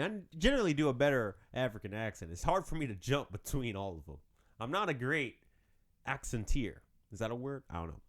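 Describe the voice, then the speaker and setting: A man hosting a podcast on his own, joking and rambling in casual chat. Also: a little high. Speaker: podcast host.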